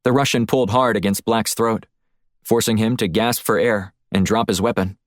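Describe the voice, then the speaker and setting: A man reading a thriller audiobook in a steady, even storytelling voice, recorded close on a studio mic. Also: fairly low pitch, moderate pace, no room sound. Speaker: audiobook narrator. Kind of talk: scripted narration.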